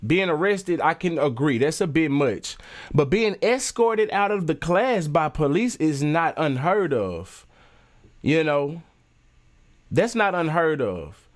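A man's voice: fairly high pitch, expressive, slow pace. A man hosting a reaction video, giving casual, opinionated commentary in an informal way with frequent restarts.

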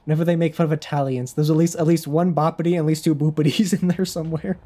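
A man's voice: fairly high pitch, steady tone, fast, mellow. Rambling young male game streamer. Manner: rambling, self-interrupting, laughs often. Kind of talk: casual live-stream chatter.

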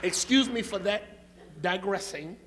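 A man's voice: high-pitched, measured pace, background noise. A male pastor, preaching a sermon in a church with rhythmic, repetitive phrasing and call and response.

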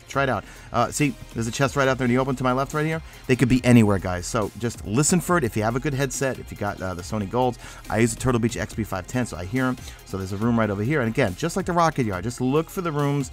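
Rambling New York gamer, fast talk. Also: male voice, medium pitch. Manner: rambling, energetic, self-mocking. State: sleepy. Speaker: gaming YouTuber. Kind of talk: game walkthrough commentary.

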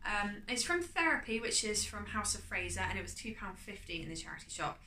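A woman chatting casually as she shows off her charity shop clothes haul, upbeat and often trailing off quietly. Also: medium pitch, very animated, brisk, a little hiss or hum. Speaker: vlogger. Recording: echoey room with faint ambience.

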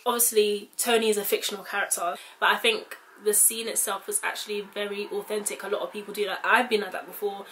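A woman's voice: medium pitch, little pitch movement, quick pace, few pauses, bright, forceful tone, slight background noise. A young woman with a British accent, talking casually to camera in a rambling, chatty way, full of "like". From United Kingdom. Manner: chatty, rambling, heavy use of "like". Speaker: vlogger.

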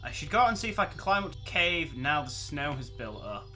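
Excitable gamer, bright voice. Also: male voice, fairly high pitch, fairly quick, faint music behind. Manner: excitable, exclamatory. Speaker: gameplay channel host. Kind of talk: let's play commentary.

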